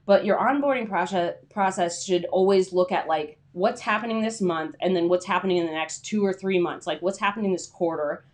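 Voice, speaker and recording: A woman's voice: fairly low pitch, a little fast, hardly any pauses. A young adult woman hosting a casual livestream, chatty and rambling with lots of filler words. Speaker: freelance writer hosting a livestream.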